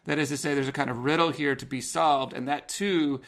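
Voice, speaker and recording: A man with a gravelly, creaky voice co-hosts a poetry podcast. He speaks thoughtfully and walks listeners through examples from a poem. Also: medium pitch, steady tone, a little fast, fairly bright tone. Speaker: podcast co-host. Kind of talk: discussion of poetry.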